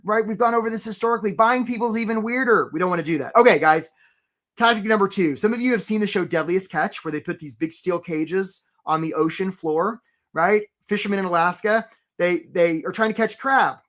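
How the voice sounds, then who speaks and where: A man hosting a live career webinar. He talks with energy, keeps asking "right?" and gives quick shout-outs to viewers. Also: high voice. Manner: acts out voices for stories, playful.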